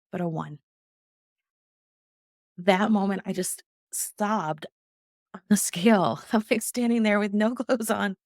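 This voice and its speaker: Gravelly-voiced woman telling her story. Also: mid-range voice, a little mellow, no room sound, clean studio sound. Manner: earnest storytelling, acts out quoted dialogue. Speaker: interview guest. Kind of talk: personal story told in an interview.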